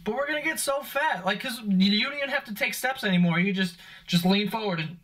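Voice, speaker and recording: A man's voice: high-pitched, lively intonation, fast talker, few pauses, fairly bright tone. A young man hosting a vlog, ranting to camera in a comedic, profane, exasperated way. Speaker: vlog host.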